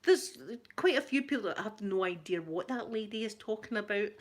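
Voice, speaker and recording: This ASMR channel host, a Glaswegian Scottish woman, answers her live chat in an animated, mid-range voice at normal speed. The talk is casual, full of laughter, with her repeating herself as she replies to viewers.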